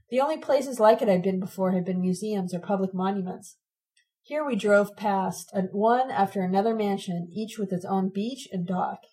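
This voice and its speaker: A woman narrating a first-person memoir in a steady, reflective way. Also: mid-range voice, low-quality recording. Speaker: audiobook narrator.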